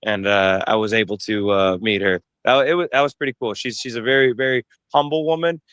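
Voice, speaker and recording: A man's voice: on the low side, fairly even intonation, fairly quick, fairly bright tone, clean tone, no room sound. A young man, a fighter being interviewed, talking casually with many restarts and fillers. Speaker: bare-knuckle fighter, interview guest.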